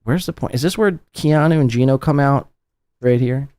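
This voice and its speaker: A man hosting a casual podcast, teasing his guest and swearing freely with quick laughs. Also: mid-range voice, darkish tone, smooth, no room sound, clean studio sound. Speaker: podcast host.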